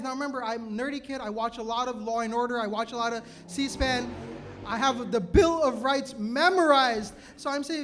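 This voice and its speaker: A man with a very high voice tells a personal story live on stage before an audience. He is animated and self-mocking, dropping quick asides and laughing at himself. He sounds like a man in his thirties. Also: some chatter behind.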